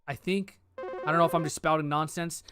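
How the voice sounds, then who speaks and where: A man's voice: a little high, steady tone, fairly quick, music in the background. A man giving casual let's-play commentary, thinking aloud, hedging and joking as he works through cases. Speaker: game streamer.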